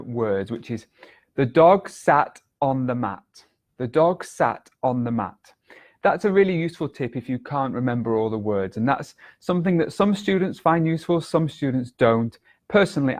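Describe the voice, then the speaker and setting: A man teaching a video lesson as an English exam tutor, speaking clearly and deliberately and exaggerating intonation to demonstrate. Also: mid-range voice, a little mellow.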